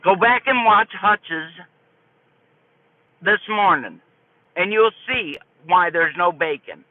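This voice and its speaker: An older woman streaming live, telling a story to her chat in an animated, folksy way. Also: fairly low pitch, slow pace, dry recording. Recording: tinny phone-like dry audio.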